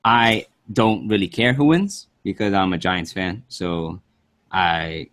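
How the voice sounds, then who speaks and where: A man with a fairly low voice co-hosting a laid-back podcast. He talks easily and laughs along with his friend. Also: takes it slowly, a bit bright. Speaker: podcast co-host. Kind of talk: casual chat.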